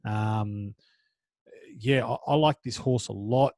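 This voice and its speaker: A man's voice: slow pace, no echo. Chatty Australian man with a dry close sound. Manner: chatty, joking, drifts quieter and lower at the ends of thoughts. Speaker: podcast co-host. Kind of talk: casual horse racing tips chat.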